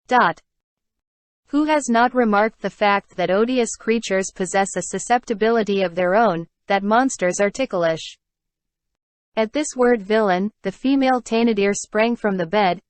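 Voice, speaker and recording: A woman narrating an audiobook of a classic novel with steady, unhurried reading. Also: medium pitch, no room sound. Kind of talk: scripted narration.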